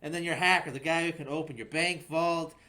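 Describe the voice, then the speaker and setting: A man hosting a casual movie podcast, joking around and excitable. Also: a little high, a little fast. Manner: jokey, playful, excitable. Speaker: podcast host. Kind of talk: casual chat.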